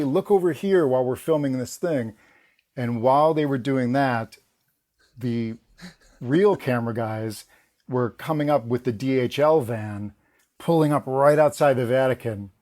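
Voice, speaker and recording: A man, a guest on a podcast, telling behind-the-scenes anecdotes in a casual, animated way, often laughing and restarting his sentences. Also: medium pitch. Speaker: guest, former film production assistant. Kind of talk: casual interview storytelling.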